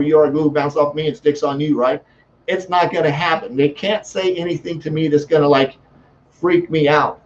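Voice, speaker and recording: A man's voice: a little high, a little mellow, lo-fi sound, slight background noise. A man giving a motivational talk as a sales coach, fervent and repetitive, often restarting his sentences.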